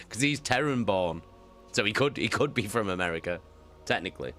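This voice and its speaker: Very deep-voiced man chatting loudly, swearing. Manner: animated, swearing often, repeats himself. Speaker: audiobook reader and streamer. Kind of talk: casual chat with live viewers.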